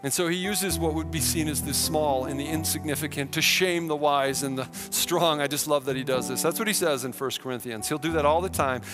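A male pastor preaching a sermon in an animated storytelling manner, swinging between hushed tones and excited exclamations. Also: on the high side, fairly quick, hardly any pauses. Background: music.

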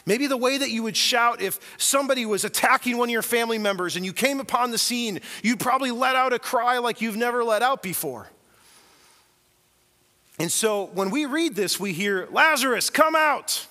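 A male pastor delivers an earnest, emphatic sermon in a fairly high, bright voice. He swings from hushed asides to forceful declarations as he tells the story. His voice rings out with the long reverb of a big sanctuary. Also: moderate pace.

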